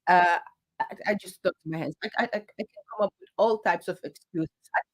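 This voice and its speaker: This channel host has a fairly low, fairly quick voice. She relates a personal story with real passion into a handheld mic, talking with her hands and frequently filling pauses or starting over.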